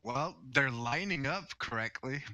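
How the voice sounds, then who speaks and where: A man playing an online tabletop game, talking in a drawn-out, lively way. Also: mid-range voice. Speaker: player. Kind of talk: casual chat during an online tabletop game. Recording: noisy online voice chat.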